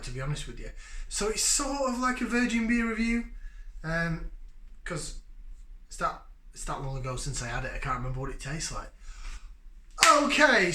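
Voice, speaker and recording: A man hosting a beer review channel, talking casually and jokingly with lively bursts of enthusiasm. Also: a little high, roomy sound. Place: home room, indoors.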